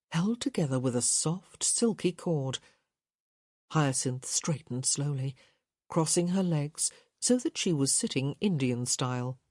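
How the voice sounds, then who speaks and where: A woman reading a novel aloud in slow, measured audiobook narration. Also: low voice, darkish tone, breathy edge, no room sound, studio quality. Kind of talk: scripted narration.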